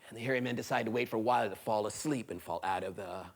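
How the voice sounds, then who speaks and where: On a small concert venue stage, a man tells a folktale live, switching among character voices as he goes. His pitch is fairly low and his delivery fast.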